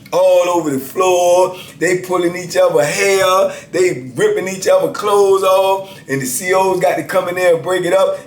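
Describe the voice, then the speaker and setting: A man in his fifties casually telling stories as a channel host, laid-back and peppering his talk with "man" and "you know what I'm saying.". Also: fairly high pitch. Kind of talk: casual storytelling. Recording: echoey room with faint background hiss.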